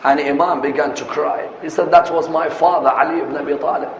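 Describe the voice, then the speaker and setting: A man's voice: on the high side, steady tone, a little fast. A man preaching a sermon with passion, asking rhetorical questions and building to emphatic peaks. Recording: echoey hall, muffled lo-fi sound, faint noise.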